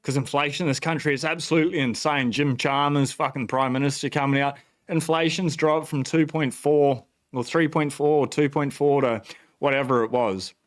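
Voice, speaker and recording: An Australian man hosting a casual livestream, excited and profane, rambling with fillers and restarts. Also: fairly high pitch, moderate pace. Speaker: bitcoin channel host. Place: at home.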